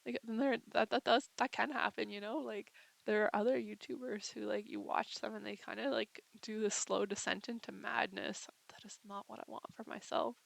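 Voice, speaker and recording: Gravelly, rambling young woman vlogger. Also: medium pitch, fairly even intonation, moderate pace, poor audio. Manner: rambling and hesitant, heavy on fillers. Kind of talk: casual confessional vlog.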